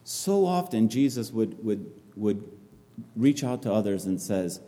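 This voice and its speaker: A man's voice: on the low side, big pitch swings, measured pace, dark tone. A man preaching a sermon, impassioned and repeating phrases for emphasis. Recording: long reverb of a large hall.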